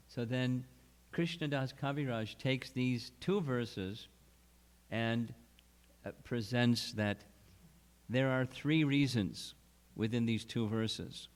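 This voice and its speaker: A man giving a scripture lecture at a retreat, explaining slowly and deliberately, with restarts. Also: medium pitch. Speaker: spiritual teacher.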